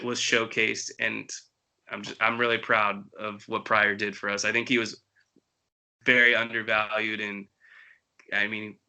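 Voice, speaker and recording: Flat, bright-toned man on a sports podcast. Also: lowish voice, rough recording. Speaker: podcast host. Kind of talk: casual sports chat.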